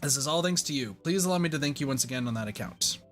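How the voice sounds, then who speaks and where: A man's voice: medium pitch, lively intonation, fast, fairly bright tone, faint music behind, natural voice. A man reading aloud the lines of an earnest young male resistance general in a game, with formal, courteous phrasing.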